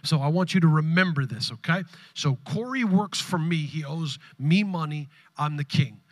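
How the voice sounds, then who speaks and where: A man, preaching a sermon to his congregation, swinging between loud bursts and hushed asides. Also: fairly high pitch, animated, moderate pace. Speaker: pastor. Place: church sanctuary with congregation.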